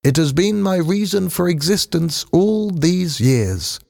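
A man voicing a calm robot longing to be human. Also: high-pitched, vocal fry, in a large hall, voice pushed up, full character voice. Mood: earnest. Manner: calm, measured, earnest. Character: robot who wants to be human, calm and earnest.

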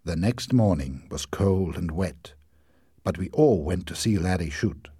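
Husky man reading a story aloud. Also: low voice, measured pace, no echo, studio quality. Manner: expressive, lively storytelling. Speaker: narrator.

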